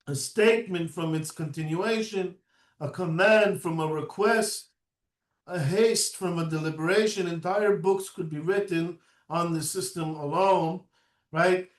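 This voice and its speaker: A man giving a recorded lecture, unhurried, who often adds a questioning "right?" and pauses on "uh". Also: high voice, echoey room, far from the mic.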